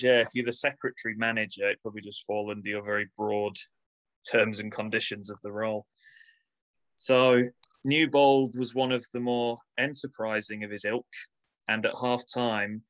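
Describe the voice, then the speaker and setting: A man's voice: on the low side, steady tone, normal speed, a bit bright, dry recording, rough recording. A man co-hosting a casual chat, reading passages from a book aloud and riffing on them wryly, with an accent close to Manchester. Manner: wry, reads aloud then riffs. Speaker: podcast co-host reading from a book.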